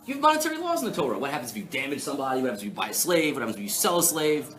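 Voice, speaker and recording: A man giving a live Torah class, animated and playful, asking the audience rhetorical questions. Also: mid-range voice, very fast, slight background noise. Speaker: rabbi teaching a class. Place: synagogue hall before an audience.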